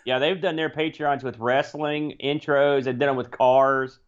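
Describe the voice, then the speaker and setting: A man's voice: mid-range voice, fairly even intonation, measured pace, clean tone. A man co-hosting a live podcast stream, joining remotely, with dry, teasing banter. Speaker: podcast co-host. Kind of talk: casual live-stream chat. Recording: lo-fi remote call audio.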